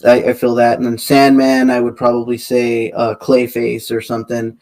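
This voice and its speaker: A man's voice: mid-range voice, monotone, moderate pace, a little mellow. Chatty, hesitant male co-host. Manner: chatty, hesitant, lots of fillers. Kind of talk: casual podcast chat.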